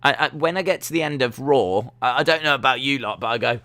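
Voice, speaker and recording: A man hosting a wrestling livestream, chatting casually and rambling with lots of fillers and sudden animated bursts. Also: mid-range voice, moderate pace, long pauses, dry recording. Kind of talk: casual chat.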